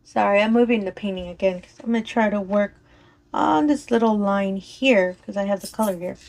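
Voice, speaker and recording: A woman's voice: mid-range voice, fairly quick, vocal fry, a little mellow. A woman chatting casually and rambling while she works on a craft, her voice a little strained from allergies, often apologizing and laughing. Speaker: crafting vlogger. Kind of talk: casual chat while diamond painting.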